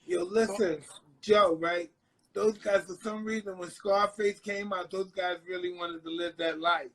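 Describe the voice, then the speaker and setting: A middle-aged man speaking as an interview guest, soft-spoken and halting, often repeating himself. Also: sits high, fairly even intonation, low-quality recording. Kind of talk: casual interview chat.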